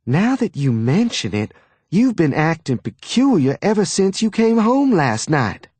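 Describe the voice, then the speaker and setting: A man voicing a bossy, gossiping middle-aged mother, in a sharp, domineering manner. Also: lowish voice, big pitch swings, a little slow, husky, dry recording, pitched above the performer's own voice, exaggerated voice. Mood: scolding.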